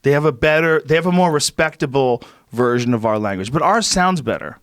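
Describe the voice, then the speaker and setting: A man's voice: mid-range voice, lively intonation, fairly quick, dry recording, clean studio sound. A man from the United States hosting a podcast, ranting in a casual, profane chat.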